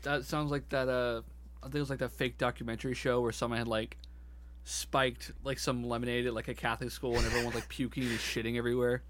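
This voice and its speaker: A man's voice: mid-range voice, flat delivery, quick pace, a bit bright. A young man co-hosting a podcast, reacting to a story with groans and casual slang. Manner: reactive, groans and laughs, calls people bro. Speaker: podcast co-host. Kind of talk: casual chat.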